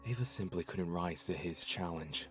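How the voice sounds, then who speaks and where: Casting: actor as a smooth, composed male suspect, low voice, measured, game score under. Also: over music, lightly acted.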